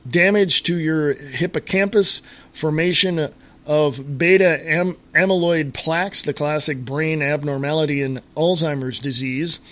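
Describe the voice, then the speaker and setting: Talk radio guy going off, exasperated, lots of uh and restarts, voice on the higher side. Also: fairly bright tone. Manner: exasperated ranting, addresses listeners as folks; halting with fillers and repeated starts. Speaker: radio show host. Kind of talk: solo talk radio rant.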